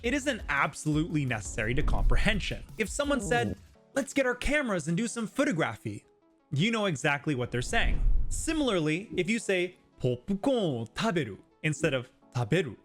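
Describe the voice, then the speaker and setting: A man narrating an explainer video as a language teacher, clear and patient, saying example words slowly. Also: high voice, fairly bright tone.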